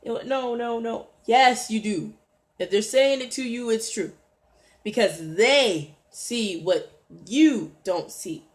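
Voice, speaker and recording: A woman's voice: a little high, slow pace. Woman, livestream host, exhorting, preachy, greets viewers, phone mic. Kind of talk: motivational livestream talk.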